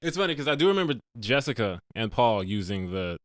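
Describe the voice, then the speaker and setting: A man co-hosting a casual movie review podcast, animated and joking, often laughing. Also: medium pitch, fairly quick, no echo. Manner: animated, laughing, jokey asides. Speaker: podcast co-host.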